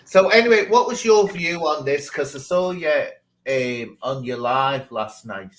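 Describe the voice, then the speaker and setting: A man's voice: on the high side, expressive, measured pace, a bit bright, poor audio. A man hosting a casual livestream chat, teasing and sarcastic with his guests. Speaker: livestream host.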